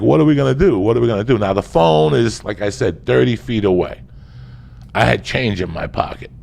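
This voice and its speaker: A loud, foul-mouthed man from the New Jersey–New York area tells a funny story as a guest on a podcast. He lurches between shouting and quiet muttering, with vocal fry in his voice.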